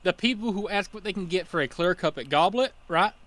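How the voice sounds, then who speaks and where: A man's voice: sits high, animated, brisk, fairly bright tone. A man co-hosting a casual podcast, rambling through annoyed stories about running carnival games. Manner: rambling, repeats himself, annoyed storytelling. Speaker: co-host, carnival game attendant.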